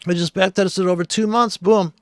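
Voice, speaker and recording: A man's voice: high voice, steady tone, brisk, no echo, studio quality. A man who trades, walking through charts on screen in blunt, profane, exasperated commentary.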